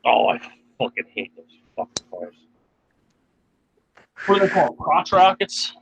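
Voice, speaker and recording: A man's voice: on the high side, big pitch swings, a little slow, noisy background. A man in crude, slangy banter, swearing heavily and teasing the others. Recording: dull lo-fi sound.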